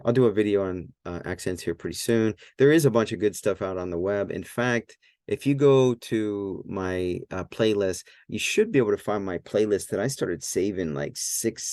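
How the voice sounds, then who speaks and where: A man's voice: low-pitched, creaky, darkish tone, dry recording, studio quality. A man teaching Greek at a whiteboard in a casual, thinking-aloud way, with many fillers and self-corrections.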